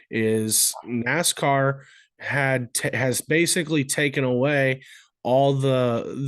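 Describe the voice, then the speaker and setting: A man co-hosting a casual motorsport podcast. He speaks in a halting, measured way with many pauses and blunt opinions. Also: mid-range voice, dry recording, clean studio sound. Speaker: podcast co-host. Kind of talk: casual sports podcast chat.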